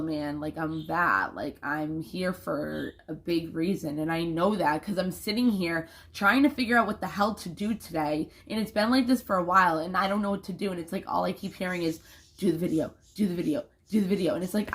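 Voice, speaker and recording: A young woman talking casually to camera in a rambling, emphatic vlog, swearing freely. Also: lowish voice.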